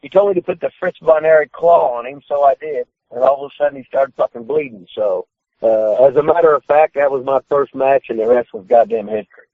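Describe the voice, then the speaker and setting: Heard through a tinny, dry phone connection, a retired pro wrestler guest tells stories on a podcast in a brisk, medium-pitched voice. He swears constantly and loudly plays out his own quotes.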